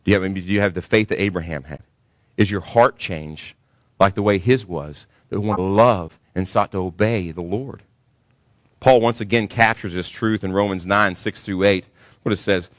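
A man's voice: sits low, moderate pace, a bit bright, no room sound. A man pastor delivering a sermon to his congregation, preaching emphatically and rising sharply when he stresses a point.

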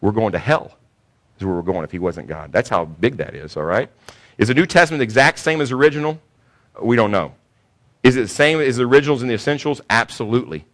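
A man's voice: mid-range voice, expressive, quick pace, fairly bright tone. A man preaching a sermon to a congregation, emphatic, repeating key points and asking rhetorical questions. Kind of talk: sermon teaching.

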